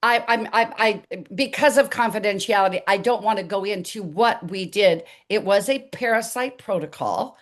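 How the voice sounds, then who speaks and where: An older woman as an interview guest, telling her story in an animated way and acting out the dialogue. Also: medium pitch, moderate pace, few pauses.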